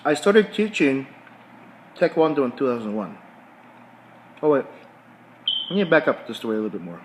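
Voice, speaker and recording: A middle-aged man tells a story in a casual vlog, chewing his food as he talks. He often repeats words and backs up to restart his phrases. His pitch sits at an ordinary middle level for a man, with a faint hum of noise behind him. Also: sing-song, normal speed, low-quality recording. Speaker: vlogger.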